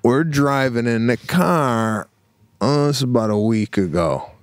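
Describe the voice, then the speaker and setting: A man's voice: mid-range voice, expressive, unhurried, clear, resonant tone, no room sound. A man co-hosting a podcast, telling stories in a laid-back, casual way with laughs. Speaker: podcast co-host. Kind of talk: casual chat.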